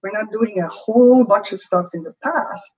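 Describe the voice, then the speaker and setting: A woman's voice: medium pitch, moderate pace, dark tone, slightly rough, lo-fi sound. A woman with a French accent, a creativity coach, explaining ideas in a conversational interview and often checking in with "right?".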